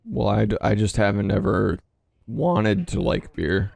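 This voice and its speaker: A man's voice: fairly low pitch, sing-song, a little slow, vocal fry, darkish tone, no room sound. A man, tipsy, co-hosting a let's play at home and bantering about the game with his partner. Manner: bantering, argumentative. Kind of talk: casual gaming chat.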